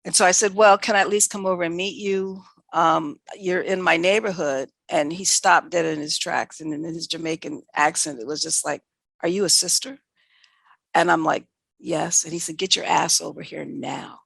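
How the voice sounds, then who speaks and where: An older New York City woman, a veterinarian, tells candid career stories in a conversational interview, her lowish voice slightly gravelly and her pace normal. She recorded close to the mic in a dry space. Her anecdotes are animated and self-correcting, packed with quoted exchanges.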